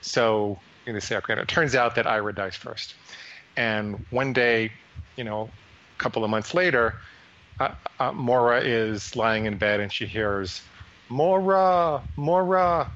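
A man's voice: fairly low pitch, fairly even intonation, a little slow, pushed and bright, highs cut off. A man hosting an interview in casual talk, who stammers and often repeats words. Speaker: podcast host.

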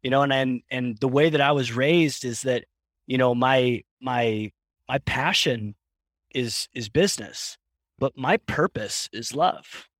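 A man being interviewed as a company founder, telling stories in a lively way and acting out voices in his anecdotes. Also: medium pitch, measured pace, no room sound. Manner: animated storyteller, acts out voices in anecdotes, laughs often. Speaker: founder and guest. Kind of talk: conversational interview storytelling.

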